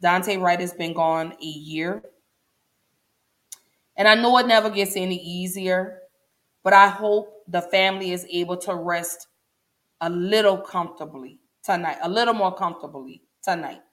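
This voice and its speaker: A woman's voice: fairly low pitch, normal speed, fairly bright tone. A woman, hosting a casual livestream and talking straight to her viewers, chatty and emotional. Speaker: show host.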